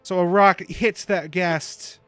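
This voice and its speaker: A man serving as game master, narrating turns in a brisk, matter-of-fact way. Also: high voice, steady tone, a bit bright, clear, resonant tone, dry recording. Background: faint music.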